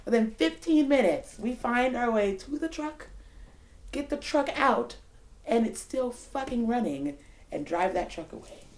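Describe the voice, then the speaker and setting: A woman's voice: on the high side, measured pace, reverberant. A woman telling a personal story off the cuff, in casual speech full of "like" and the odd curse word. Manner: casual, animated, peppered with "like" and profanity. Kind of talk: unscripted personal anecdote.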